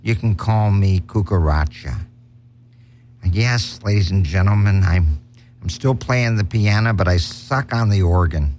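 A man's voice: deep voice, a little slow, a little mellow, a little hiss or hum. A man doing a campy sequined showman pianist. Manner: campy, fawning greetings and punchlines. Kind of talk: comic impression monologue.

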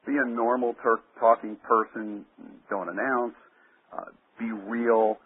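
A man's voice: mid-range voice, steady tone, a little slow, slightly rough. A man who coaches radio talk hosts, giving punchy, emphatic advice in short lines during an interview. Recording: phone-line sound.

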